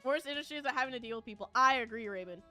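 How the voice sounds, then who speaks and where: A chatty woman streamer with a high voice tells a rambling story to her viewers, laughing often and filling gaps with ums and likes. Her tone is bright and sharp, and soft music plays in the background. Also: racing. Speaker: VTuber streamer. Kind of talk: casual chat with viewers, storytelling.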